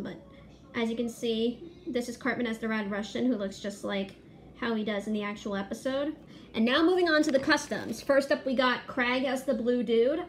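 A woman narrating a casual video in a chatty, excited way as she walks through her fan drawings one detail at a time. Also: a little high, a little hiss or hum.

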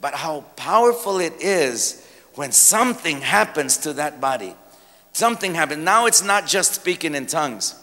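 A male pastor preaching a sermon, telling stories with lively humor. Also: on the high side, moderate pace. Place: church sanctuary. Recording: long church hall reverb.

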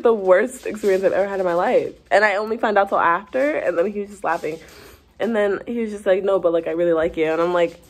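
A young woman vlogger chatting through a funny dating story, animated and full of fillers. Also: medium pitch, fast talker. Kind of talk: casual storytime chat.

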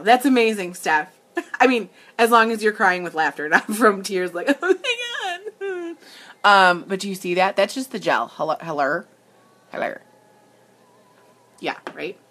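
Chatty woman doing a live makeup demo, bright voice, keeps cracking up. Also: fairly low pitch. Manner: giggly, talks straight to viewers, easily amused. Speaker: makeup demonstrator and livestream host.

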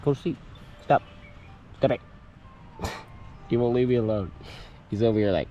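A man's voice: mid-range voice, normal speed, mellow, dull audio, faint music behind. A man hosting a camping vlog, talking casually and playfully, cooing at a baby goat in a tent at an island campsite. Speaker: vlog host.

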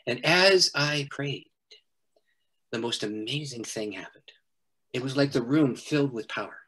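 A middle-aged man, a pastor, telling a personal story in an interview, animated and often laughing. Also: medium pitch, a little slow, slightly rough. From Canada.

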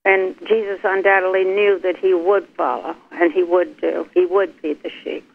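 A man's voice: sits high, level tone, normal speed, creaky. A man taking part in an informal Bible study discussion, speaking reflectively and a bit hesitantly. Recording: tinny phone line.

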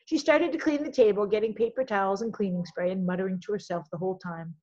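A woman reading a children's novel aloud in an expressive storytelling manner. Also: mid-range voice, quick pace, dull audio. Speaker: audiobook reader.

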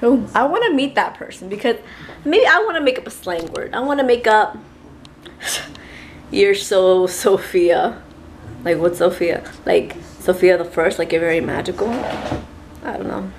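A woman's voice: medium pitch, lively intonation, normal speed, a little hiss or hum. A woman, a mother chatting playfully in a daily vlog and dropping in Spanish phrases. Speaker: vlogger and mother. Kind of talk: casual daily vlog chat.

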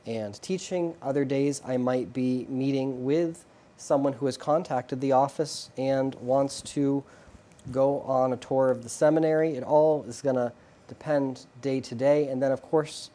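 A man, a Catholic priest, calmly explaining his work in a TV interview. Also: mid-range voice, a little slow. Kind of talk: interview answers.

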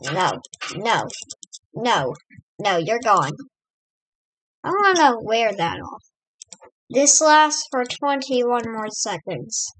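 A woman's voice: fairly high pitch, very animated, takes it slowly, long pauses, a bit bright, slight background noise, poor audio. An American woman hosting a let's play, giving casual, rambling gameplay commentary and chatting to her in-game pets. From United States.

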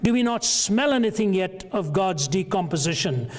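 A man reading as a frantic madman, booming through a hall. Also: lively intonation, normal speed. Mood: anguished. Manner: declaiming, rising urgent questions. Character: frantic male madman crying out in grief. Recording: long reverb of a large hall.

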